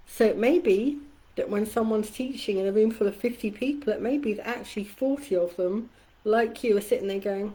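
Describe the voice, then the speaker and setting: Middle-aged woman coach with a warm, mellow voice. Candid and conversational, swears now and then. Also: fairly quick, breathy edge, low-quality recording. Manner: acts out quoted voices with shifts in pitch and loudness. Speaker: community coach. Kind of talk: casual live-stream talk.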